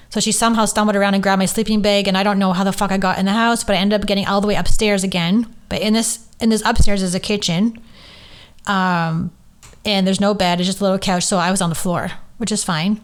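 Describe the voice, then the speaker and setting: A woman who hosts a podcast and teaches Reiki talks fast in a smooth, mid-range voice with fairly even intonation. She candidly shares a personal story with strong emotion, holding back tears and swearing freely.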